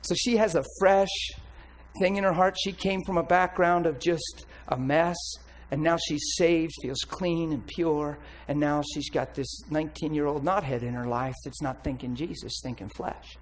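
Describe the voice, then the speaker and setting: A man preaching a candid, blunt personal testimony with animated storytelling. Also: fairly high pitch, moderate pace, a little hiss or hum, poor audio. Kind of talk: sermon testimony.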